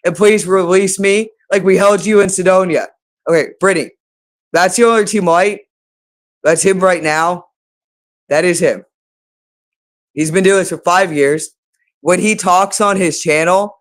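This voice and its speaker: A man in a rambling, agitated monologue to his viewers, accusing someone and repeating the same phrases again and again. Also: on the high side.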